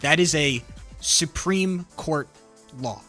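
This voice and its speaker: A man's voice: a little high, slow pace, bright, forceful tone, soft background music. A man livestreaming, ranting about politics in a profane, heated, rambling way. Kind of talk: casual political rant while gaming.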